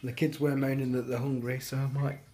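A man's voice: mid-range voice, level tone, fast, mellow, a little hiss or hum. A British man vlogging casually at home on a handheld phone, rambling with lots of fillers and restarts. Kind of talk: casual daily vlog chat. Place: at home, indoors.

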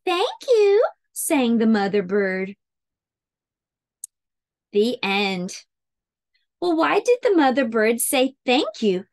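Slow, lively woman reading to preschoolers. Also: a little high. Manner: expressive storybook reading with sound words. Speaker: preschool teacher. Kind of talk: reading a picture book aloud for preschoolers.

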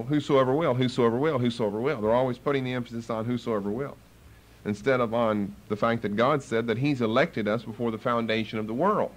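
A man preaching a Bible study sermon as pastor, emphatic, driving points home by repeating key phrases. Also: fairly high pitch.

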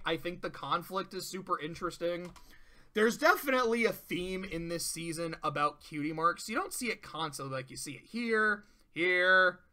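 A cartoon reviewer in casual commentary, rambling and swearing freely while retelling an episode. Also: mid-range voice. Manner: profane, rambling, animated.

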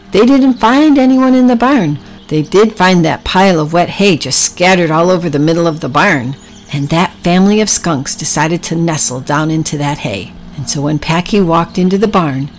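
A woman narrating a children's story with gentle, drawn-out emphasis. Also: on the low side, low-quality recording.

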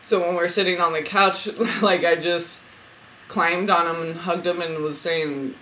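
A woman who reads spiritual cards, chatting to camera as she retells a dream, rambling with lots of fillers and restarts and getting emotional and excited. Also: on the low side, a little slow, slight background noise, low-quality recording. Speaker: spiritual card reader.

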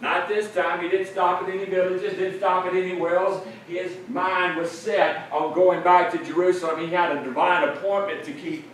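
A man's voice: high-pitched, flat delivery, moderate pace, few pauses, fairly bright tone. A man preaching a sermon, explaining a passage earnestly and repeating phrases for emphasis. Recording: very echoey room, mic at a distance, faint noise.

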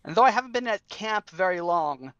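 A player in a tabletop role-playing game, talking in an animated, quick-witted way. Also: medium pitch, dry recording, lo-fi sound.

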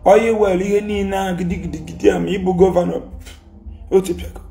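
Nigerian man, Igbo accent, heated rant, scolding and repetitive, high gravelly voice, faint background music. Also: fairly even intonation, quick pace, warm tone. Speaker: commentator. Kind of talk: heated social media rant.

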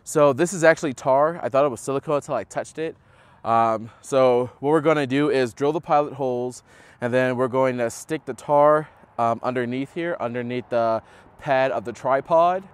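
A young man hosting a how-to tutorial outdoors on a house roof, explaining in a relaxed way with many fillers. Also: mid-range voice, normal speed, clean tone, dry recording. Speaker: host of a setup tutorial. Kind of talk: casual how-to demonstration.

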